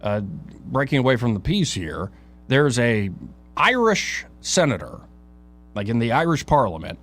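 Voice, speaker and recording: Animated male talk radio host. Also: mid-range voice, soft background music. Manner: emphatic, rhetorical, dramatic pauses. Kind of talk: reading his own op-ed on air with asides.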